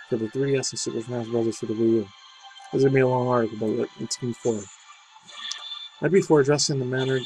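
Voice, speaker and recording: A man's voice: mid-range voice, darkish tone, poor audio. A man casually reading out a gaming news article, breaking off into rambling, slangy asides. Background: faint game music.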